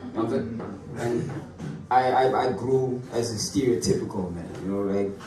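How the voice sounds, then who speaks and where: A man's voice: mid-range voice, moderate pace. A young man from Africa doing stand-up with a put-on British accent, chatty and self-deprecating, often restarting his sentences. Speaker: stand-up comedian. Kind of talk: stand-up comedy set. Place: comedy club stage. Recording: echoey room, far mic, crowd noise.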